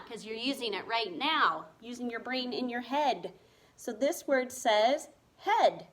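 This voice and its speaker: With a fairly high, fairly bright voice, a woman teaches young children remotely, spelling each word letter by letter in a patient, encouraging manner during a first-grade reading lesson.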